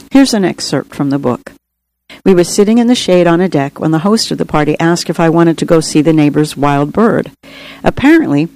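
A woman's voice: fairly low pitch, a little mellow, low-quality recording. An author reading her memoir aloud in an earnest, reflective narration. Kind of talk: audiobook narration.

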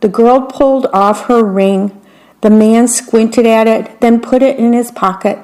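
Storyteller, woman, slow, fairly high voice, wry. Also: fairly even intonation, mellow. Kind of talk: reading a fairytale aloud.

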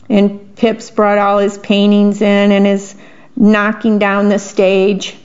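A woman's voice: mid-range voice, slow. Woman reading a picture book aloud, lo-fi. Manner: lively, animated read-aloud with brightening exclamations. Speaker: storybook reader. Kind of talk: picture book read-aloud with describing asides. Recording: dull lo-fi recording.

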